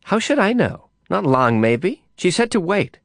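A man's voice: high-pitched, very animated, measured pace, creaky, no echo, clean studio sound, pitched above the performer's own voice, heavily acted. A man voicing a bored, impatient young doorkeeper with an offhand, dismissive manner.

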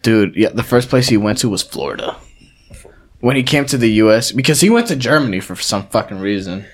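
A man's voice: fairly low pitch, fairly quick. A young man co-hosting a podcast, telling casual, profane stories and acting out the quotes. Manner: profane, animated storyteller who acts out quotes. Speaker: podcast co-host. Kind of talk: casual storytelling.

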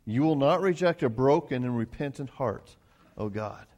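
A man's voice: mid-range voice, animated, normal speed, darkish tone, lo-fi sound. A man preaching a sermon in a folksy way, often repeating words as he restarts. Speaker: pastor.

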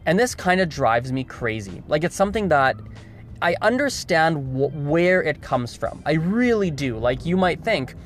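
A man's voice: fairly high pitch, big pitch swings, moderate pace, a little hiss or hum. Male vlogger, casual monologue, emphatic with lots of restarts. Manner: emphatic, repeats words, restarts often. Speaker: video host.

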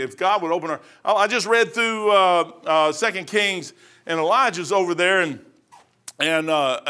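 Bright-voiced folksy man preaching. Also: a little high. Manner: rambling, folksy, rising to loud emphatic bursts. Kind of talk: informal sermon.

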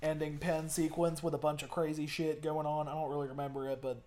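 A young man co-hosting a podcast in casual chat, excited and profane, stumbling and repeating his words as he talks. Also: a little high, brisk. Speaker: podcast co-host.

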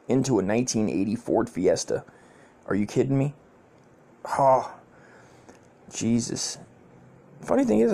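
A man with a gravelly, mid-pitched voice tells a personal story on his podcast. He rambles, swears freely and circles back over the same phrases. He often breaks into laughter as he talks. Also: dark tone. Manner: profane, rambling, repeats himself, laughs often. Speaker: podcast host.

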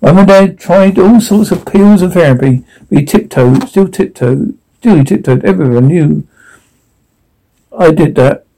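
An actor playing a young man who gently recalls his younger brother's childhood in a TV drama. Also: high-pitched, unhurried, vocal fry, exaggerated voice, low-quality recording. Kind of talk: TV drama dialogue.

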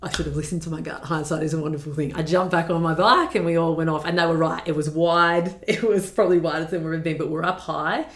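A woman's voice: deep voice, steady tone, fast talker, hardly any pauses, echoey room. A young woman telling a personal story as a podcast guest, earnest and reflective, with many fillers.

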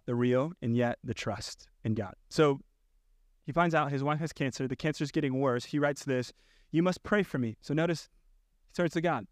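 A man's voice: mid-range voice, dry recording, studio quality. A male pastor preaching a sermon, earnestly reading quoted passages aloud. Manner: earnest, reads quotes with rising intensity.

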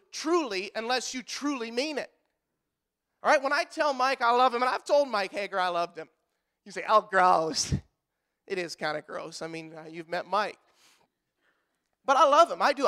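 A male pastor with a very high-pitched voice preaches a sermon in a church, animated and joking with the congregation while acting out quotes in other voices.

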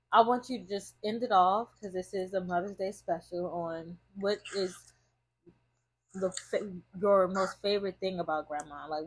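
A young woman hosting a podcast, asking questions in a gentle, rambling way. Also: on the low side, husky. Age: young adult. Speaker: podcast host. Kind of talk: casual chat.

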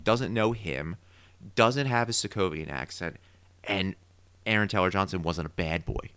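Low-voiced man theorizing in a podcast. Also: moderate pace, smooth, dry recording. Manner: opinionated, animated theorizing. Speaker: podcast co-host. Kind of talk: casual recap chat.

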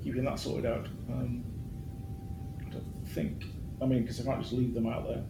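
A man playing a tabletop role-playing game, talking in a hesitant, halting way. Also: mid-range voice, level tone, reverberant, very noisy. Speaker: player. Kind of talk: tabletop role-play, in character.

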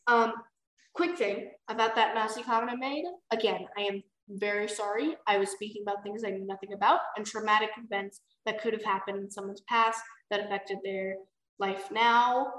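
A woman's voice: medium pitch, fairly even intonation, normal speed, fairly bright tone, echoey room, low-quality recording. A woman co-hosting a book podcast, chatting casually in a rambling way with many fillers. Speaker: podcast co-host.

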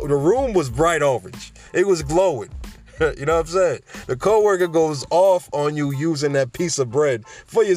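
A man's voice: mid-range voice, a little mellow. A man hosting a podcast in a casual, rambling monologue, drifting off topic and chuckling often. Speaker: podcast host.

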